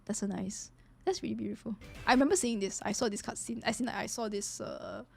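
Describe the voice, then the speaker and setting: Woman, slightly high voice, giggly, excitable, casual stream chat, faint music underneath. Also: fast talker, creaky. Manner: giggly, laughs easily and apologizes a lot; excitable, reacting aloud to game scenes.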